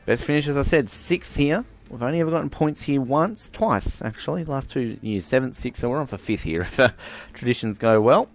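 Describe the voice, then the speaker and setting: A young man giving casual, chatty commentary over his racing game career, swearing now and then and getting excited at the starts. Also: mid-range voice, fairly quick, hardly any pauses, faint music behind. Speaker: gaming channel host. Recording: game engine noise behind voice.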